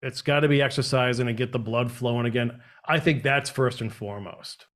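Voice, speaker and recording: A man's voice: medium pitch, brisk, fairly bright tone. A man hosting a live stream, chatting casually and rambling with lots of fillers. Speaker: host of a live channel.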